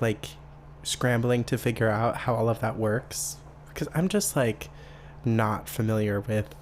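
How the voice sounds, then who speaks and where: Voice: medium pitch, slight background noise. Um apresentador de podcast na casa dos vinte e poucos anos, com sotaque americano, conversando sozinho de forma descontraída e brincalhona. A fala é exagerada e teatral, cheia de palavrões, com tom de voz médio. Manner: chatty, playful and campy, swears freely. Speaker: podcast host. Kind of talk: casual solo podcast chat.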